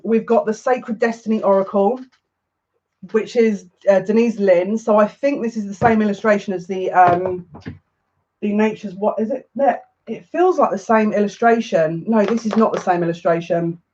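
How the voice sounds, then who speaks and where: A woman doing a chatty live tarot reading who is excitable and gushing and often restarts her sentences. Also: mid-range voice, dull audio. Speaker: psychic tarot reader.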